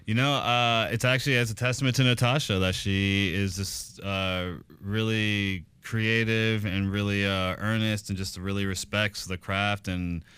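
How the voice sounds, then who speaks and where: A film director on a radio show with a very low, smooth, clear voice. He tells stories in an easy, relaxed way and chuckles often. The sound is dry and close from a studio mic. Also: a little slow, hardly any pauses, no echo. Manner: laid-back storytelling, chuckling. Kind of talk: casual interview chat. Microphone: studio microphone.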